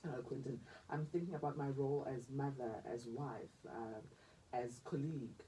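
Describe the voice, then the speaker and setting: A woman with a South African accent hosting a radio talk show, expressive and emotional, laughing easily as she speaks. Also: very deep voice, normal speed, far from the mic, slight background noise, low-quality recording. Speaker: radio host. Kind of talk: radio interview.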